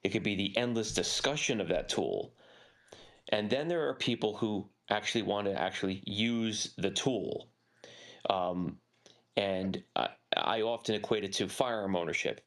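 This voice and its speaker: Male guest, fairly low voice, deliberate and measured, restarts often. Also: a bit bright. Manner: measured, deliberate, repeats words. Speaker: panel guest. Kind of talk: casual panel discussion.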